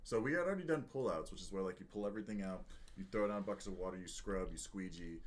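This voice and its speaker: A man's voice: sits low, fast. A young man co-hosting a podcast, telling a long work story in casual chat and swearing freely. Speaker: podcast co-host.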